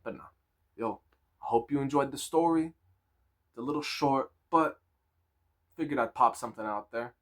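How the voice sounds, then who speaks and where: A man in his twenties telling a casual storytime with crude slang, animated and laughing. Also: mid-range voice, moderate pace, long pauses.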